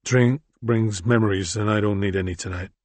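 Deadpan, grim vigilante archer, as a man voices him. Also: fairly low pitch, normal speed, no echo, close to an everyday voice. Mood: weary. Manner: flat, dead, menacing calm. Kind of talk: audiobook character voice.

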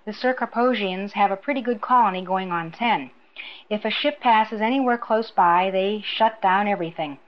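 A woman's voice: mid-range voice, normal speed, close to an everyday voice. Shrewd, smug old woman, voiced by a female reader; sly and mocking; muffled lo-fi audio. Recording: dull lo-fi recording.

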